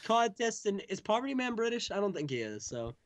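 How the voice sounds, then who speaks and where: A man's voice: sits high, very animated, fairly quick, dry recording. A young man co-hosting a casual podcast, joking around loosely and swearing freely. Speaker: podcast co-host.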